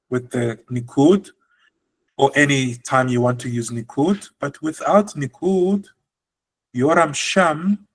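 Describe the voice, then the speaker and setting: A man's voice: on the high side, poor audio. A man teaching a language lesson, explaining patiently and drawing out example words.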